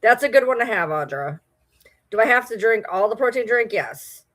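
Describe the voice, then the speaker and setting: A woman's voice: a little high, animated, normal speed, fairly bright tone. A woman from Michigan with a Michigan accent, chatting casually on a livestream, rambling and answering viewer comments. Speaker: livestream host.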